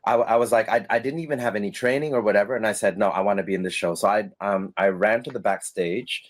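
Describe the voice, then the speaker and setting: In a casual interview, a middle-aged ex-stage performer recounts stories at a quick pace and fairly low pitch. Animated and laughing, he slips into the voices of the people he quotes.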